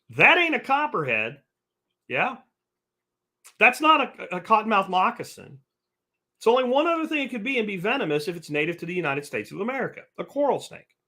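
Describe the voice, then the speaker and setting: A man's voice: fairly high pitch, pushed and bright. A man hosting a livestream podcast, reading chat comments aloud and answering them in a blunt, profane rant. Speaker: podcast host.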